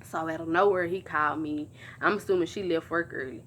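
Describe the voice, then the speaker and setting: Animated chatty woman vlogger, low-pitched. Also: a little fast, a little hiss or hum. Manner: addresses viewers directly. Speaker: vlogger telling a personal story. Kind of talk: casual storytime.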